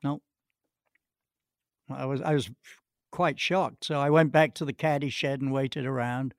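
A man spins long stories in a rambling, halting way, doubling back on his words and trailing off mid-sentence. His voice sits at an ordinary middle pitch and is captured close and dry, with no room sound around it. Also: steady tone, dry recording. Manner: rambling, with restarts and hesitations. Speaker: golf pro, interview guest. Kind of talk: anecdotal storytelling.

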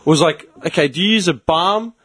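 A young man, a podcast host telling animated stories in casual chat, swearing often and acting out other people's lines. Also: on the high side, normal speed. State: tired from early work.

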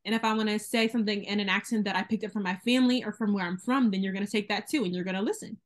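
A young woman from the American South, talking loudly and emphatically in a casual podcast chat. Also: mid-range voice, steady tone. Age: young adult. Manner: fast-talking, loud, emphatic. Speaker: podcast co-host.

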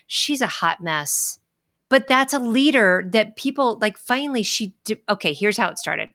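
A woman hosting a podcast, ranting in an animated, chatty way with quick asides. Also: medium pitch, no room sound, studio quality. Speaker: podcast host. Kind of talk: casual podcast chat.

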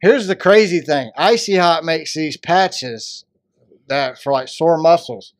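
A high-voiced man trades jokes and folksy slang as a podcast co-host. The sound is close and dry, with no room echo. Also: takes it slowly. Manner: joking, folksy Southern slang. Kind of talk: casual chat.

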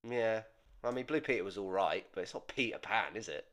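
A man co-hosting a casual comedic podcast, dry and low-key, firing off quick quiz questions. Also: expressive, fairly bright tone. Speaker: podcast co-host.

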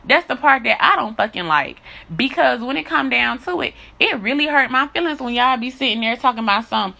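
A woman's voice: on the high side, very animated, moderate pace, creaky, sharp tone, a little hiss or hum. A young woman speaking in a blunt, heated, profane monologue rant to her followers. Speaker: social media creator.

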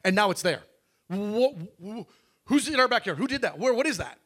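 A woman's voice: on the low side, expressive, measured pace, fairly bright tone. A man voicing a startled, insistent wife who is firing off urgent questions. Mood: alarmed.

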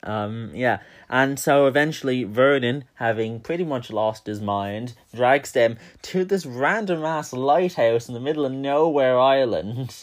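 A man of middle pitch co-hosting a casual podcast, recapping a film scene by scene. He rambles and jokes, filling his talk with "um"s and restarts. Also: measured pace, few pauses. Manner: joking, rambling, full of fillers. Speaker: podcast co-host.

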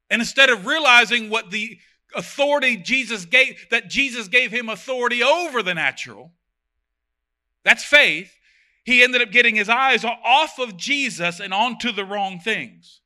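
A man preaching a sermon, reading scripture aloud and breaking in with animated, joking comments. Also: extremely high pitch, moderate pace. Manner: animated, reads verses then comments with jokes.

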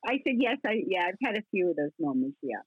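A woman in her sixties, a guest actress telling rambling, animated stories in a casual interview, full of restarts. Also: on the low side, quick pace, dry recording. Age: 60s. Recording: husky voice over a tinny phone line.

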